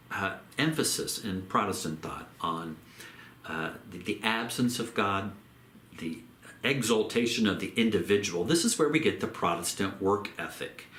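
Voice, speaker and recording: A man giving a theology lecture in a measured way, repeating phrases and slowing down on key terms. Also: lowish voice, a bit bright, roomy sound, slight background noise. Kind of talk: recorded lecture.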